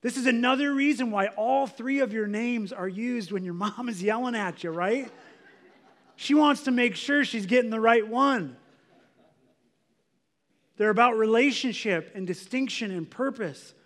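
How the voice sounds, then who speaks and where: A man's voice: very high-pitched, a little slow, a bit bright. A man preaching a sermon as a pastor, in a conversational way, often saying "like" as he explains. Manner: conversational, filler "like".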